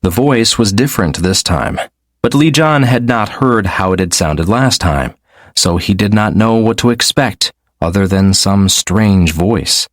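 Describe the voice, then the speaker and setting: A male audiobook narrator with a fairly low voice reads in a steady, measured way. The recording is dry and close, with no room sound. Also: dry recording. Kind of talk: scripted narration.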